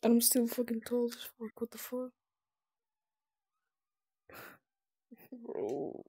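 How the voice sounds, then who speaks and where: A woman's voice: on the high side, completely flat delivery, normal speed, dark tone, breathy edge. A woman streaming live gameplay, casual and profane, muttering to herself as she plays.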